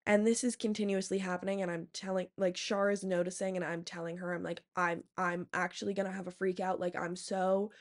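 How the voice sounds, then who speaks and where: A woman's voice: fairly low pitch, little pitch movement, a little fast, hardly any pauses. Young woman rambling through a storytime. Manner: rambling, heavy use of "like" and "um", profane. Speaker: vlogger. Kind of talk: casual storytime chat.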